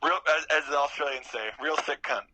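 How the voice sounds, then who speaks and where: A man's voice: fairly high pitch, fast, sharp tone, a little hiss or hum, poor audio. A man who is a musician, a podcast guest chatting easily and laughing often. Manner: easygoing, laughs often, swears. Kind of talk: casual chat.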